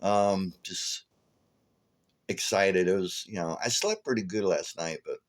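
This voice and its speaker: A man's voice: low voice, a little slow. A tired man vlogging, telling a rambling, chuckling story full of fillers. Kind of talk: casual storytelling.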